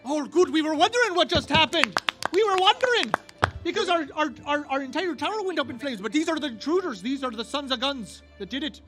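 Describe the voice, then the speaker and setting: A man's voice: very high-pitched, lively intonation, a little fast, music in the background, pitched above the performer's own voice. A man voicing a brash male guard captain in a mangled put-on Scottish-Irish accent. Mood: excited. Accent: put-on Scottish-Irish mix.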